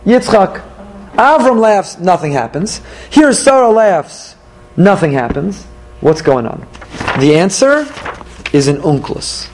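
Male Torah teacher, a bit high-voiced, lively question-and-answer delivery, faint background noise. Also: takes it slowly, poor audio. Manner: animated, asks questions and answers them himself.

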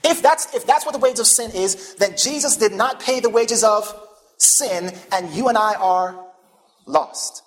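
A man preaching a sermon, pausing often to ask the congregation questions and leading them toward each answer. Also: high voice. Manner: call-and-response questions to the congregation; animated, emphatic preaching.

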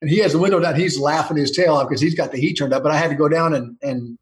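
A man's voice: on the high side, quick pace, reverberant, rough recording. Man telling ranch stories with chuckles. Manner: rambling anecdotes with restarts and chuckles. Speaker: football coach. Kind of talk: casual storytelling interview.

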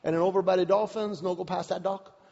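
A man voicing a friendly male beach rental attendant who speaks broken English quickly. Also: sits high, fairly even intonation, gravelly, warm tone. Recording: dull recording with long hall reverb.

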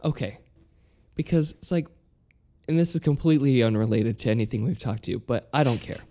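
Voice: mid-range voice, a little fast, warm tone. A podcast co-host in casual chat, playful and teasing, reading headlines aloud with relish.

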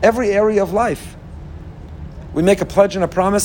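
A man giving a lively sermon as a rabbi, acting out inner voices with humorous asides. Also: sits high, a little fast, long pauses, slight background noise.

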